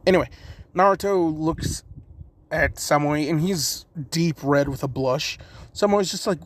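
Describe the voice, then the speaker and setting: Rambling, slightly high-voiced man storyteller. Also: a little slow, rough recording. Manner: rambling, full of "you know" and swearing. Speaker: fan fiction storyteller. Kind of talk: casual improvised storytelling.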